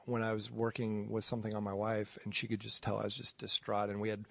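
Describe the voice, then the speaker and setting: A man's voice: on the low side, monotone, quick pace, creaky, fairly bright tone, no echo. A man from Nebraska, a podcast guest, talking reflectively in a casual interview with many ums and restarts.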